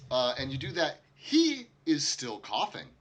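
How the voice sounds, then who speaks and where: A man narrating as game master of a tabletop game, relaxed and chatty as he describes the scene. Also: medium pitch, a little slow.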